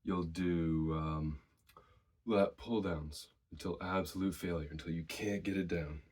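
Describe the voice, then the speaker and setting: A man's voice: low voice, a little slow, breathy edge. A man casually sharing his own workout advice, a little out of breath. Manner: relaxed, conversational, shares personal experience. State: slightly out of breath. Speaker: fitness vlogger.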